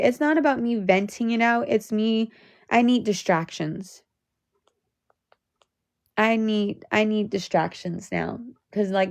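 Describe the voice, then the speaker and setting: A young woman venting on a live stream, her voice cracking near tears, swearing often and restarting her sentences. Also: medium pitch. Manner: profane, repetitive, restarts sentences. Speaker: livestreamer.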